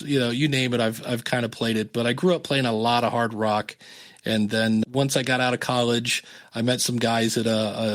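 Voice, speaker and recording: A man in his fifties, a podcast guest telling stories in a casual interview, acting out the people he quotes. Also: medium pitch. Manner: animated, acts out quoted dialogue.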